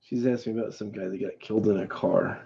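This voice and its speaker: A man hosting a livestream, telling a story in a casual, rambling way with many halting restarts. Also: fairly low pitch, fairly even intonation, creaky, dark tone, husky. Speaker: livestream host. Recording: dull lo-fi stream audio.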